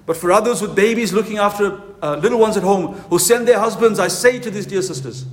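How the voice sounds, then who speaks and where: A male pastor with a fairly high voice delivers a fervent sermon at a conference. He leans hard on slow, emphatic phrases. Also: animated. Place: conference hall.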